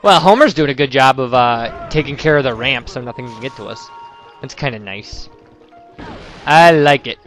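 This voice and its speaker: A man's voice: medium pitch, normal speed, fairly bright tone, soft background music. A young man from the United States casually commentating gameplay and rambling through personal stories. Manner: rambling, chatty storyteller. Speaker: let's play commentator.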